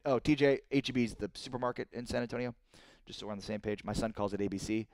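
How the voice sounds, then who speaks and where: A man's voice: mid-range voice, rapid-fire, dry recording. A man in his thirties hosting a live-streamed sports talk show, reading viewer comments and getting worked up over trades. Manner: excitable, rises sharply when indignant.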